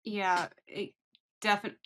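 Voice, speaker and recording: A young woman co-hosting a podcast, talking in a measured, thoughtful way in casual chat. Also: mid-range voice, fairly even intonation, fairly bright tone. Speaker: podcast co-host.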